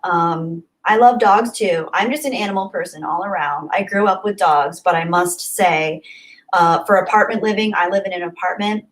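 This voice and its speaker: A woman's voice: fairly low pitch, moderate pace, poor audio. Chatty young woman streamer. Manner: chatty, rambling, repeats herself. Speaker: livestream host. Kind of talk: casual chat, reading viewer comments.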